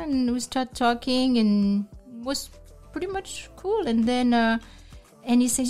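A woman's voice: on the high side, measured pace, soft background music. A woman from France, a native French speaker with a French accent, telling a story in casual chat. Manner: animated storytelling.

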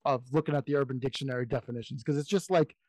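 A man's voice: medium pitch, racing, darkish tone, no room sound, rough recording. A man co-hosting a casual podcast discussion, reading quoted definitions aloud with amused asides. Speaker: podcast co-host.

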